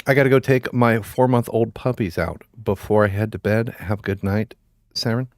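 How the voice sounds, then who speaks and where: A man's voice: on the low side, moderate pace, no echo. Male streamer, rambling and profane, laughs a lot; dry, close mic. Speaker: livestream gamer. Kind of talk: casual live-stream chat.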